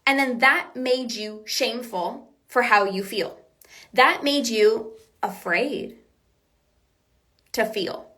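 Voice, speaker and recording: This binge eating coach hosts a motivational podcast, speaking earnestly and reassuringly, repeating key points and acting out quoted self-talk. Her voice is on the high side, pushed and bright, and she talks slowly with long pauses.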